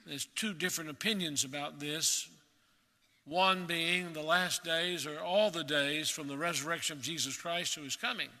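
A man preaching a sermon in an earnest, emphatic way, slowing down to stress key words. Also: fairly high pitch, fairly even intonation, bright, forceful tone, big-room sound.

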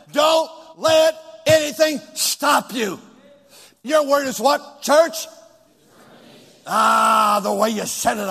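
A middle-aged man preaching a sermon to a large congregation, calling out questions and shouting the answers back with them. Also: very high-pitched. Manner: preaching with call-and-response, rising to shouts. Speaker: pastor. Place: large church with balcony. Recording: long hall reverb.

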